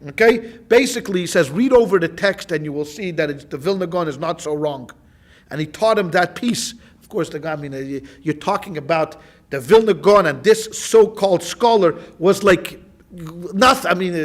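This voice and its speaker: A man's voice: a little high, animated, a little fast. A man teaching a Talmud class as a rabbi, telling a story in a loose, informal way, with many restarts and repeated phrases.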